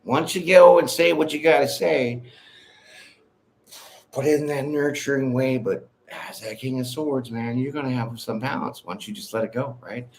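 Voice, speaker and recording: Male tarot reader live on stream, casual, blunt, slangy, quick to laugh, mid-pitched voice. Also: vocal fry. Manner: direct, bold, slangy, laughs often. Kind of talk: casual livestream tarot reading.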